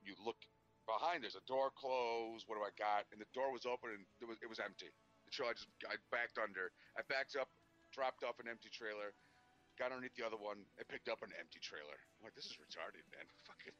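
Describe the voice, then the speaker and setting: A man's voice: fairly low pitch, sharp tone. A man who drives trucks, telling long rambling stories in casual podcast chat and cursing freely. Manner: profane, rambling storyteller. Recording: dull lo-fi podcast audio.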